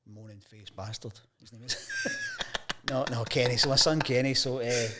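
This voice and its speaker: Background noise sits behind this mid-range voice, which moves at a normal speed. The speaker, a Scottish sports journalist in his fifties, tells lively anecdotes on a chat show in a casual interview, imitating the voices of the people in his stories.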